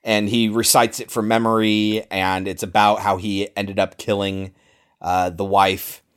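A man's voice: fairly low pitch, little pitch movement, unhurried, a bit bright, clear, resonant tone. A man co-hosting a podcast, casually explaining film plot points and laughing along. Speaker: podcast co-host.

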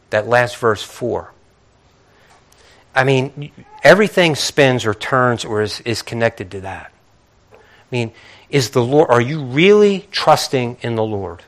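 A man preaching a sermon, reading scripture quietly and then building to emphatic, repeating rhetorical questions. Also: medium pitch. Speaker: pastor.

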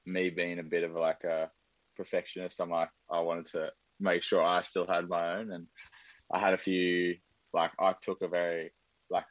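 A man's voice: low voice, dry recording, dull audio. A young man chatting casually as a podcast guest, rambling with lots of fillers and plenty of enthusiasm. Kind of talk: casual chat.

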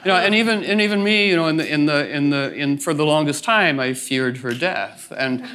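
A man's voice: on the high side, a little fast, pushed and bright. A man talking as a guest in a reflective conversation, meandering and playful, with many restarts and acted-out asides.

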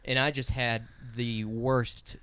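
A man's voice: mid-range voice, level tone, takes it slowly, sharp tone. A young man co-hosting a casual podcast chat, swearing often and laughing as he reads quotes aloud. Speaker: podcast co-host.

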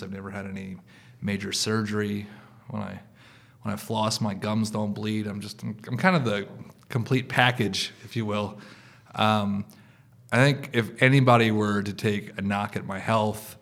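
A man's voice: lowish voice, vocal fry. A man telling a self-deprecating personal story on stage, hesitant with "um" and "like". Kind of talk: live storytelling.

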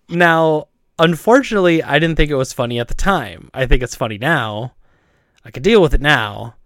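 A man's voice: fairly high pitch, measured pace, very noisy. A man, a store owner, chatting casually on a podcast, telling a story with laughs and acted-out voices. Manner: animated, laughing, acts out voices.

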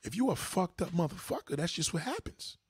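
A man hosting a livestream, delivering a profane, heated rant at his chat and swinging from low mutters to high outbursts. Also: big pitch swings, fairly quick, a little mellow, husky, no room sound, studio quality. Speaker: livestream host. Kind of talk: ranting monologue to a live chat.

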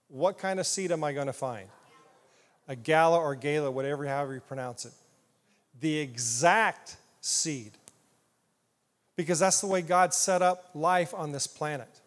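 A high-voiced man preaches with animated, playful energy, asking the congregation questions. His voice rings with long reverb through a church hall. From southeast Iowa, US. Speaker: pastor. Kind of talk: sermon.

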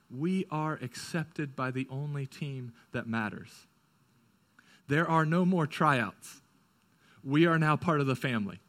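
A young male pastor preaches with a high, ringing, bright voice. He speeds up and presses when urgent, then drops soft and slow to drive a point home. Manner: swings from urgent and quick to hushed and slow. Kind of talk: sermon.

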